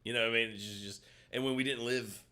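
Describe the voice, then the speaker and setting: A man co-hosting a live stream in laid-back, rambling chat that often trails off quietly. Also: mid-range voice, steady tone, fast talker. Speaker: co-host of a guitar shop live stream. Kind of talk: casual chat.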